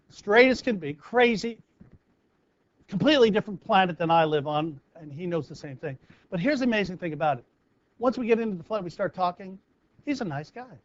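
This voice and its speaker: Animated high-voiced American coach. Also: male voice, dry recording, dull audio. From United States. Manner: animated storyteller acting out scenes. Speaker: live performance coach. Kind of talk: motivational talk to camera.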